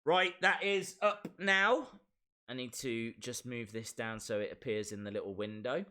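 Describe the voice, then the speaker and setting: A man's voice: medium pitch, a little slow, sharp tone. A man hosting a casual live stream, chatting and reading viewer comments aloud with lots of repeated phrases.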